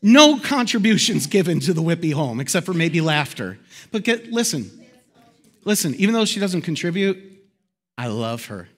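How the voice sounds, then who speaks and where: A pastor preaching a sermon to his congregation in a lively, conversational way. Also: normal speed. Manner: animated, conversational preaching with big swings in pitch. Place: church hall before a congregation.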